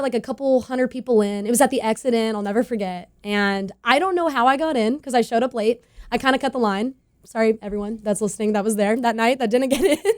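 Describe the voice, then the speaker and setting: A woman's voice: fairly high pitch, clear, resonant tone. A woman in her twenties from California, a country singer chatting as a radio guest, bubbly and laughing often. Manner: bubbly, laughs often, acts out quoted voices. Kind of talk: casual interview chat.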